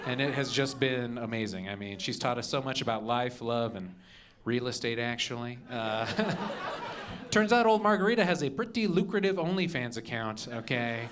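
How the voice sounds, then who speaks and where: A man's voice: medium pitch, lively intonation, moderate pace, a bit bright, a little hiss or hum. A young man doing stand-up on a comedy club stage, punchy, with "okay?" after each joke. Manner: punchy, adds "okay?" and "all right?" after jokes.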